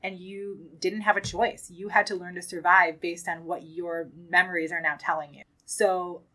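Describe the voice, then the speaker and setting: A woman hosting a podcast, speaking earnestly and with real emphasis. Her voice is low-set but bright and forward, and she leans on casual fillers as she talks. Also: little pitch movement, normal speed, poor audio. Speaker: podcast host. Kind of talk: casual conversational talk.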